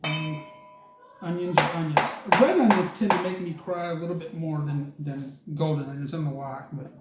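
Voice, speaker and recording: A cooking instructor with a fairly high male voice talks at a normal speed over heavy background noise, chatting casually to viewers as he chops and preps in his kitchen. He keeps up the banter while he works and calls his audience "folks." The recording is echoey, full of loud kitchen clatter.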